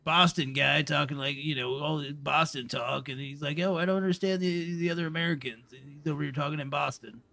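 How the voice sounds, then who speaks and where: A slow-witted young bro, played in a roleplay game by a man with a gravelly, slightly raised voice. He rambles, restarts his sentences and tacks bro or man onto almost everything, recorded close and dry. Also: a little high, fairly even intonation, bright, forceful tone, no room sound. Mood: dopey rambling. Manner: rambling, halting, says bro and man a lot. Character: dim, rambling young male bro character. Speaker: roleplay streamer. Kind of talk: in-character roleplay chat.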